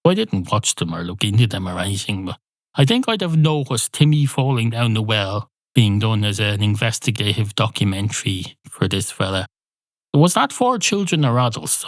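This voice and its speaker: A man's voice: lowish voice, dry recording. A man hosting a solo comedy podcast, rambling through sweary, mock-indignant asides. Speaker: podcast host.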